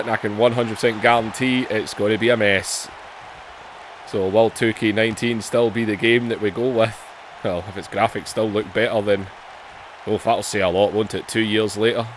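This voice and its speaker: Man, middle pitch, gaming host, excitable play-by-play of a wrestling video game, faint noise behind. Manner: excitable, jumps in pitch on big moves, self-mocking asides.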